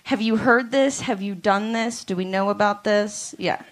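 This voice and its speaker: A woman doing a stand-up comedy set on a club stage, with deadpan, drawn-out punchlines. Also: medium pitch.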